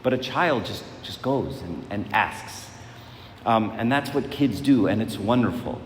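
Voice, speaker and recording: A man gives a sermon in an easy, conversational way, doubling words and asking rhetorical questions. His voice sits low. It rings through a large hall with a long echo and faint noise behind it. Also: expressive, unhurried. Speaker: preacher.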